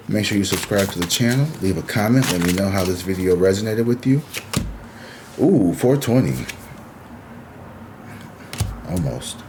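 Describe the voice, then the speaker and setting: Deep-voiced laid-back male tarot reader. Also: background noise. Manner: laid-back, chatty, reassuring, with casual swearing. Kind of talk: casual tarot reading.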